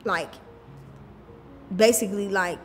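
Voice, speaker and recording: Woman, interview guest, emotional colloquial storyteller, mid pitch, reverberant room. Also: takes it slowly, faint music behind. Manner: colloquial and emotional, many fillers. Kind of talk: personal storytelling.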